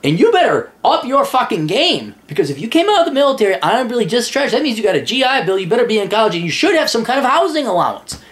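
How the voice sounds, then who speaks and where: A man's voice: very high voice, sing-song, fast, hardly any pauses, a bit bright. A man hosting a casual advice show, blunt and profane, reading a listener's letter and answering it. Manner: reads listener's letter aloud. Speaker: advice podcast host.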